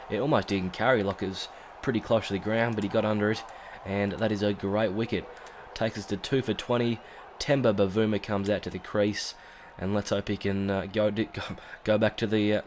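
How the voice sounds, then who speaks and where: A man with an Australian accent talks through a video game in a loose, filler-heavy commentary, his voice thick and congested from a cold. He sits slightly low in pitch and jumps into loud, excited shouts at key moments, with a faint hiss of noise behind him. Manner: chatty, rambling with fillers, bursts into excited shouts at big moments. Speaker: gaming YouTuber. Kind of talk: casual let's-play commentary.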